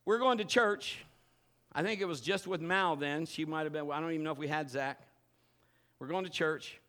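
A middle-aged man preaches to his congregation in a fairly high voice. He tells stories animatedly, jumping from loud exclamations to quiet asides. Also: normal speed. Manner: animated storytelling, swinging between loud bursts and low asides. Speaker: pastor. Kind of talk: sermon. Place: church service.

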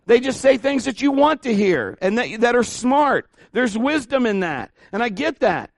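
A pastor delivers a sermon in a fairly high male voice, talking informally with asides and restarts. He often climbs in pitch and volume as he gets animated. The recording is dry, with no room echo. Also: normal speed, vocal fry.

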